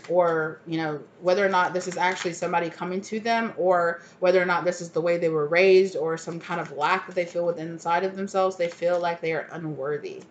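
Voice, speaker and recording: A woman's voice: lowish voice, steady tone, brisk, few pauses, dull audio, a little hiss or hum. A woman giving a casual tarot reading, naming cards and thinking aloud with many fillers. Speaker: tarot reader.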